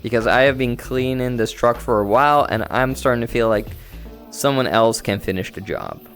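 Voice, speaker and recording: A man with a medium-pitched, slightly bright voice chats at a moderate pace with his stream viewers. He's at home in VR, easygoing and rambling, with faint background music.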